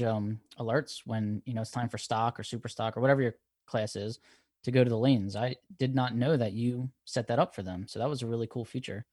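A man's voice: mid-range voice, dry recording, studio quality. A man hosting an interview, easygoing, asking questions in loose run-on sentences. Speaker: podcast host. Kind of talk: casual interview chat.

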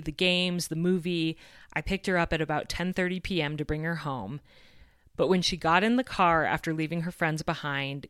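Woman, 30s, podcast host; low-pitched, earnest and reflective, dry studio sound. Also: fairly bright tone, dry recording. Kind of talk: scripted podcast monologue.

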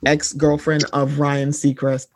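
With slight background noise, a co-host speaks a little slowly in a medium-pitched, totally flat voice. The pop-culture podcast chat is casual, blunt, sarcastic and profane, with frequent asides to listeners addressed as "y'all."

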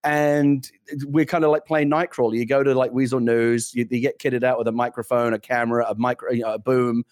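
Fast-talking British man, animated storyteller. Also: mid-range voice, no echo, studio quality. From Britain. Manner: animated storyteller, laughs often, many restarts. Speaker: podcast co-host. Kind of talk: casual chat.

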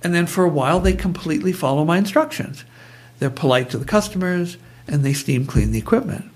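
A man's voice: fairly high pitch, expressive, fairly quick, darkish tone, lightly acted. A man voicing a puzzled, earnest Australian tree-trimming boss in a retold story.

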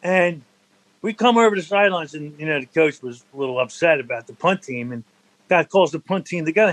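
An older man, a former football center, telling stories from his playing days in a relaxed interview, laughing now and then. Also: on the high side, brisk, rough recording. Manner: animated anecdotal storyteller, laughs between stories. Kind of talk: storytelling in a conversational interview.

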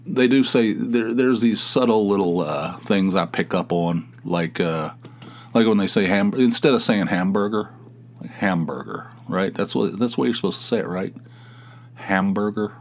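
Man, from the US, podcast host, slightly low voice, rambling solo chat, self-deprecating. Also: moderate pace. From United States. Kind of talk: casual solo podcast monologue.

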